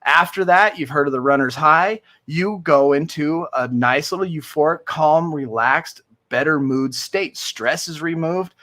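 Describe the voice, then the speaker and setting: A man with a bright, ringing, fairly high voice hosts a relaxed livestream for a recovery group. He talks with earnest enthusiasm and keeps it light with the odd joke. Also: measured pace, few pauses. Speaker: livestream host of a recovery community. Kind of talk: casual livestream chat.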